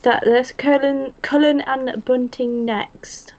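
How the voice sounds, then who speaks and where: A woman's voice: sits high, fairly even intonation, slow pace, a little mellow. A woman from England co-hosting a live watch-along in casual chat, giggling and reading out viewer comments. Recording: slightly muffled stream audio.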